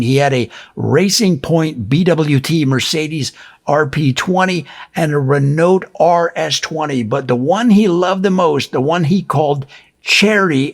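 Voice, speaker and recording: Deadpan man with a gravelly voice. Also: on the high side. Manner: deadpan, mock-earnest storytelling. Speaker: comedian. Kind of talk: deadpan mock lyrics explainer.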